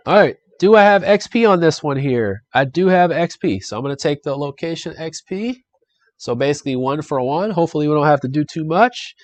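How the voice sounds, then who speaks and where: This young adult man's voice sits on the high side, lively and fairly quick, with no room sound. He's live-streaming a solo board game, chatting upbeat with viewers and reading out the adventure text in casual playthrough commentary.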